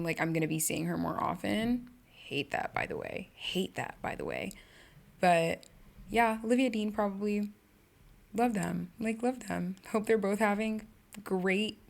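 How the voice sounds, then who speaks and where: A young woman hosting a casual solo podcast, rambling and cutting herself off, with lots of slang and sudden bursts of excitement. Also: lowish voice. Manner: rambling, self-interrupting, slangy and animated. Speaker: podcast host.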